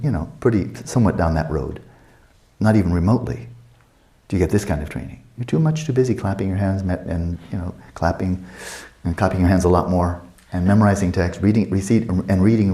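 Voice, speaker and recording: Older male dharma teacher, mellow tone, roomy reverb, casual teaching. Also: low voice. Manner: conversational, playful asides with acted quotes. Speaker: meditation teacher. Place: retreat teaching hall.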